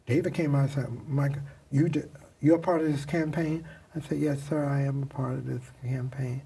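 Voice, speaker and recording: Older man telling stories, husky and distant. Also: fairly high pitch, unhurried. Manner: animated storyteller acting out quoted voices. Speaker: makeup artist guest. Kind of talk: storytelling interview.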